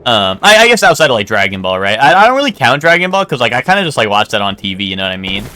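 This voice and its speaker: A man's voice: mid-range voice, very animated, racing, bright, forceful tone. A young man streaming live, chatting casually in a rambling way, full of filler words and restarts and casual swearing. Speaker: game streamer.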